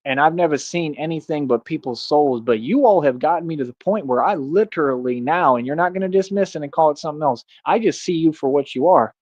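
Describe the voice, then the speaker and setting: A man's voice: a little high, brisk, few pauses, a little mellow, dry recording. A man streaming an unscripted monologue to his viewers, confrontational and insistent, often tossing in "bro" and "you feel me". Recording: dull, dry lo-fi stream audio.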